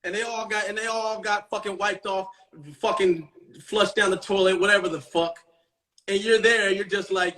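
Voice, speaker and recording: Man, thirties, slightly high voice; casual live-stream monologue, swaggering and foul-mouthed, loud one moment and hushed the next. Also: steady tone, moderate pace. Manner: profane, swaggering and boastful, swinging between loud and hushed. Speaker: streamer talking to viewers.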